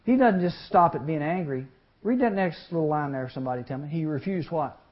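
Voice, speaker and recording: Man preaching, folksy, animated, asks the crowd questions, slightly high voice, dull lo-fi sound. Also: fairly quick. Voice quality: animated, acts out voices in the story. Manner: folksy, talks to the audience with questions. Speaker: youth speaker. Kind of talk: sermon. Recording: muffled lo-fi recording.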